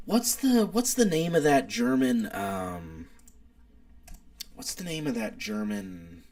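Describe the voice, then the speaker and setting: A man's voice: mid-range voice, big pitch swings, slow, a little mellow. A young man, hosting a casual live stream, opinionated and rambling as he reads chat aloud. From United States.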